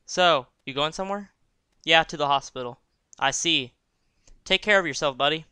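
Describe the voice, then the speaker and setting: A man's voice: on the high side, normal speed, bright, forceful tone, clean tone, no echo. A man voicing an easygoing young male roommate, reading game dialogue aloud in a casual, breezy way.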